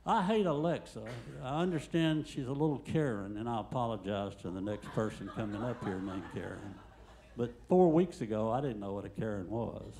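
An older man doing a stand-up comedy set in a comedy club, telling deadpan jokes and acting out the quotes. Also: fairly low pitch, moderate pace, background noise.

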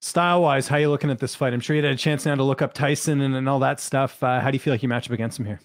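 A man's voice: medium pitch, steady tone, very fast, dry recording, studio quality. A man interviewing a fighter, asking direct questions and giving brief acknowledgements.

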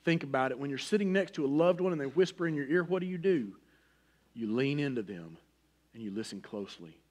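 A middle-aged man preaches a sermon with folksy personal asides. His delivery swings between loud, pressing emphasis and a soft, hushed near-whisper. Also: mid-range voice, animated, fairly quick. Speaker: pastor.

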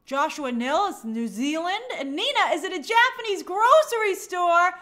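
High-pitched gushy woman reading out chat comments on her stream, trips on names a lot. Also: big pitch swings, unhurried, hardly any pauses, a bit bright. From New York. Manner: bubbly, gushing, stumbles over names. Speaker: livestream host. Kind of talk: casual live chat reading viewer comments.

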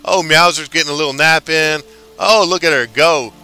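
A man's voice: a little high, steady tone, moderate pace, bright, forceful tone, smooth, faint music behind. A man streaming a game live, chatting casually and hyping up his viewers. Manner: chatty, hyped, talks back to viewers.

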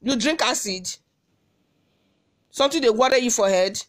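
A woman's voice: on the high side, lively intonation, moderate pace. A woman with a Nigerian Benin accent recording a scolding audio message, firing off repeated rhetorical questions. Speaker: social media commentator.

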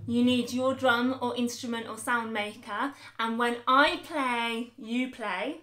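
A woman leading a children's music lesson, talking cheerfully, slowly and clearly for small children. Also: fairly high pitch, steady tone, a bit bright. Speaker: early years music teacher. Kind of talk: interactive children's sing-along lesson.

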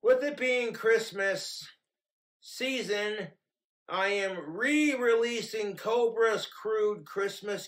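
A man's voice: sits high, slow, fairly bright tone. A man vlogging at home, ranting bluntly and crudely in a rambling, profane monologue. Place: home in Wyoming.

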